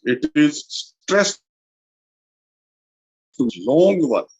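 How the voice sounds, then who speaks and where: This Indian college lecturer's voice runs slightly high, with wide pitch swings and a breathy edge. He explains a literature lesson slowly in an Indian English accent, repeating the key terms for emphasis.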